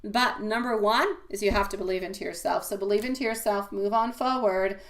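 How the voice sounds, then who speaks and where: A woman's voice: medium pitch, a little fast, fairly bright tone. A woman giving a live-stream tarot reading, delivering an encouraging, affectionate pep talk full of pet names. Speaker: tarot reader.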